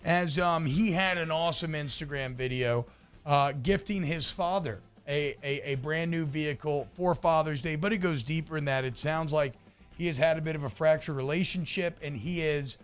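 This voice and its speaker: A man's voice: fairly high pitch, normal speed, clear, resonant tone, soft background music. Upbeat man on sports radio. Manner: upbeat, talkative, with fillers and restarts. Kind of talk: morning sports radio chat. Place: radio studio.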